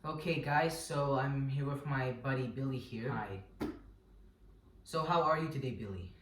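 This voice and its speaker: A man's voice: medium pitch, measured pace, over loud music. A man hosting a comedic skit in his house, pushy and mock-outraged. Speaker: video host. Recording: roomy, from a distance, with background noise.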